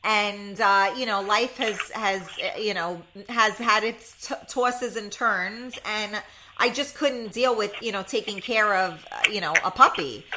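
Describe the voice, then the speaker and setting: A woman's voice: mid-range voice, unhurried. A woman hosting a radio talk show, chatting casually with a phone-in guest, with lots of fillers. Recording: clear background noise.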